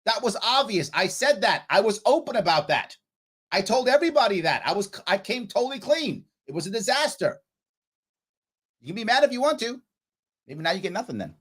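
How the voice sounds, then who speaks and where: This is a New York political livestreamer with a high, sing-song voice that's a little fast, a bit bright, and husky. He reads chat comments out loud, responds bluntly, and sometimes heatedly scolds a commenter.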